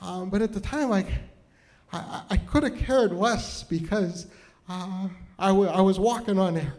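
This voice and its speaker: A man doing stand-up storytelling on stage, rambling with many stammered restarts, swinging from hushed and tender to loud and shouting. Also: sits high, a little slow. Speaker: storytelling comedian. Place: stage before a live audience.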